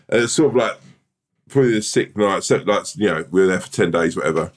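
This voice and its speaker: A man's voice: sits low, fast. A man co-hosting a podcast, telling a rambling, self-deprecating story in casual chat and laughing through it. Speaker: podcast co-host.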